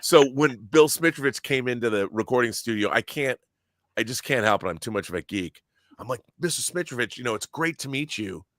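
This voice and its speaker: A man telling excited, geeky stories in casual podcast chat, often acting out quotes and restarting his sentences. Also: mid-range voice, fairly quick, no room sound, clean studio sound. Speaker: guest, audio drama producer.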